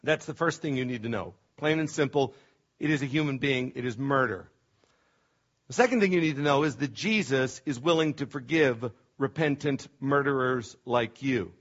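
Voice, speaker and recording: A man's voice: mid-range voice, moderate pace. A middle-aged man preaching a sermon as pastor, impassioned and emphatic, often stumbling over restarts. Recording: dull lo-fi sermon recording.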